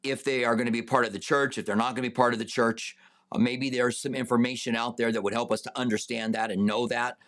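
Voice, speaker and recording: A man's voice: mid-range voice, flat delivery, a bit bright. Man leading a Bible study. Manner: unhurried, many fillers and restarts; reads scripture aloud with raised, emphatic delivery. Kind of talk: livestream Bible study answering viewer questions.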